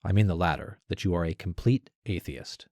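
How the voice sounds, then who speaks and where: Man doing a grudging ancient accuser, low voice, dry close mic, curt replies. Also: brisk, a little mellow, no room sound. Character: stubborn male accuser answering curtly.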